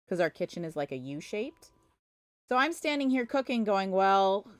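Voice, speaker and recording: A woman's voice: mid-range voice, no echo. Chatty woman, dry close sound. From Canada. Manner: chatty, exasperated storytelling with playful teasing. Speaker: crochet live streamer. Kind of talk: casual live-stream chat. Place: home.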